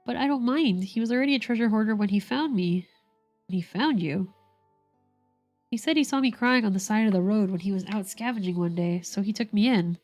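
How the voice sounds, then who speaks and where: A woman's voice: mid-range voice, fairly quick, darkish tone, soft background music, natural voice. A woman voicing a clingy, stubborn little girl who adores her brother, reading the lines aloud in her own voice.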